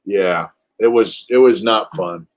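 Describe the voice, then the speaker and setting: This fifties-aged channel host from California has a lowish voice and takes his time on his casual live stream. He spins stories bluntly with lots of cursing, raising his voice to act out what others said.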